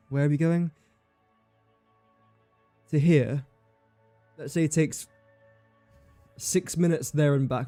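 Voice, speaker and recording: A man streaming live gameplay commentary, his voice a touch high yet mellow and warm. He thinks aloud in a chatty, conversational way, talking to the game and to his viewers. The sound is dry and close, with faint game music underneath. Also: no echo.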